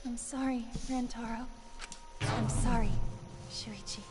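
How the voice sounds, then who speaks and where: A woman's voice: fairly high pitch, level tone, measured pace, darkish tone, natural voice. A woman voicing an upbeat, earnest teenage girl pianist in an English game dub. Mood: earnest, solemn. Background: game music.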